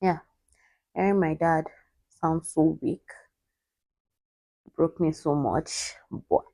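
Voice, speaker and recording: Woman vlogger, low voice, dry close sound, halting, near tears. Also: steady tone, dark tone, no room sound. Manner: halting, holding back tears. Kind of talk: emotional personal storytelling.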